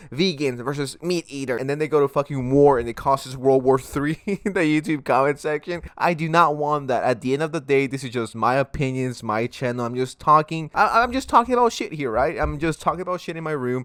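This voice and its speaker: A young man rants sarcastically in his room, swearing freely as he reacts to a clip. His voice sits at a middle pitch, and the sound is close and dry, with no room echo. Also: clear, resonant tone. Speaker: commentary YouTuber. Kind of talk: reaction commentary vlog.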